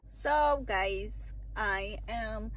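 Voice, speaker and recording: A woman's voice: mid-range voice, drawn-out words. A young woman, chatting casually through a makeup tutorial and mixing in Spanish words and casual swearing. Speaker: beauty vlogger.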